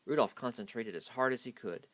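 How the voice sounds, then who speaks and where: A man's voice: mid-range voice, brisk, a bit bright, no room sound. A man hastily reading a children's picture book aloud. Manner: hasty reading. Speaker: storyteller.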